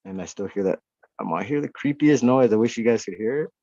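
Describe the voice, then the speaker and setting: Profane, excitable male guest, slightly low voice, muffled remote-call audio. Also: quick pace, dry recording. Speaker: podcast guest. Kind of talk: casual chat. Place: off-grid homestead at night.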